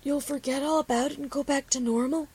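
Female narrator doing a worried young pony mare: high, pleading, storybook. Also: fairly even intonation, brisk, a little mellow.

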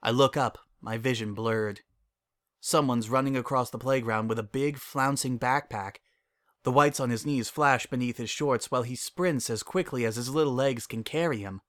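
Bright-voiced man reading a story. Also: mid-range voice. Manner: expressive, emotional acting of dialogue. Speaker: narrator. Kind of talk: first-person story reading.

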